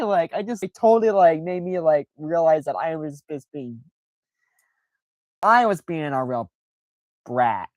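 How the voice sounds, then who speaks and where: A woman with a notably low voice, recorded close and dry with no room around her. She talks in a loose, rambling livestream chat, stacking fillers and restarts, pokes fun at herself, and slips into playful voices to act out what people say. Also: expressive, unhurried, long pauses, a little mellow, no echo. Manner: rambling, filler-heavy, self-deprecating; acts out quoted reactions in playful voices. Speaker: streamer.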